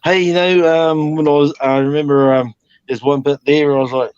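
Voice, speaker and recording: A man's voice: a little high, steady tone, brisk, darkish tone, clear, resonant tone, no room sound. A man from New Zealand with a New Zealand accent, chatting casually as a guest on a live stream, rambling, laughing often and swearing casually. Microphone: video call. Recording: muffled video-call audio.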